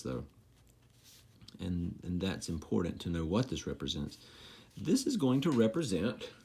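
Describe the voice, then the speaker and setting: Low-voiced man teaching math. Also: darkish tone. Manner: self-deprecating, joking asides while writing. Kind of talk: recorded math lesson.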